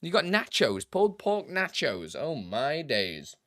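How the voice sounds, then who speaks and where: A man's voice: a little high, huge pitch swings, unhurried, a bit bright, no echo, studio quality. A young man chatting casually on a live stream, greeting viewers by name and laughing easily as he takes tech questions.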